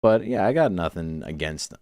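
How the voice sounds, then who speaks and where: Between matches on his game tournament stream, a Toronto, Canada host talks in a deep, expressive, darkish voice at a normal pace. His casual chat rambles from story to story, with plenty of swearing and laughter between the anecdotes.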